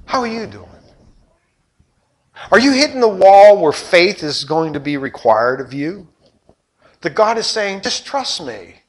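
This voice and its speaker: An older man preaching a sermon as a pastor, with rhetorical questions and passion that surges loud and then drops low. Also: expressive, measured pace, pauses often. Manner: impassioned preaching, rhetorical questions, surging and dropping loudness.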